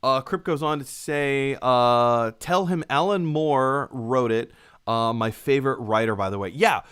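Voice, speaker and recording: A man's voice: mid-range voice, a little slow, fairly bright tone, smooth. Rambling male live-stream host. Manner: reads viewer messages aloud, rambling with many fillers. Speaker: podcast host. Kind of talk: casual live-stream chat.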